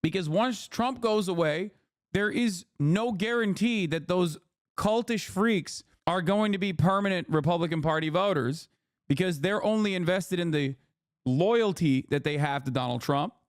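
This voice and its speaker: A man giving casual political commentary as a streamer, animated and profane, often tagging his points with "okay?". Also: high-pitched, moderate pace, dry recording, studio quality. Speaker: streamer reacting to news.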